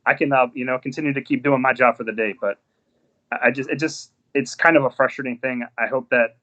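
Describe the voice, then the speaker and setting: Fast-talking man, dull lo-fi sound. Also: medium pitch, fairly even intonation, pushed and bright. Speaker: guest. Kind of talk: casual live-stream chat.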